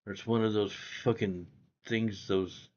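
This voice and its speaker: Man, live streamer, slow drawl, blunt and profane, repeats lines, dull lo-fi recording. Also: on the low side, fairly even intonation, a little mellow. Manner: blunt, profane, repeats himself and says "bro" a lot. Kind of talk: casual livestream chat reading viewer comments.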